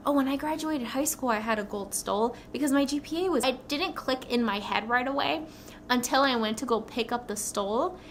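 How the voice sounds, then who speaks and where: A young woman telling her personal story in a casual vlog, rambling and excitable, with many "like"s. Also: sits high, a little fast, a little hiss or hum. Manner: rambling, excitable, says "like" often. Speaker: new nurse vlogger.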